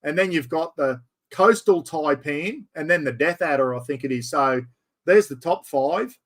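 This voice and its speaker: A middle-aged Australian man chatting casually as host, telling animated stories. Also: a little high, normal speed. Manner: yarn-spinning, animated storyteller. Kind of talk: casual chat.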